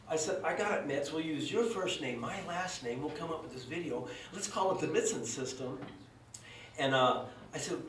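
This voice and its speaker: A middle-aged man speaks at a memorial service, wandering from one story to the next with self-deprecating asides. His voice sits a little high. He is picked up from a distance in an echoey room with faint background noise. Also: a bit bright. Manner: rambling, anecdotal, self-deprecating. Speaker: eulogy speaker.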